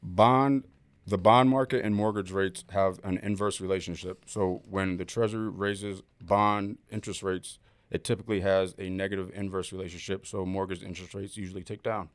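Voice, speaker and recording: A man's voice: low-pitched, fairly even intonation, moderate pace, no echo. A man co-hosting a podcast, joking around in a laid-back, self-deprecating way. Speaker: podcast co-host. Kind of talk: casual podcast banter.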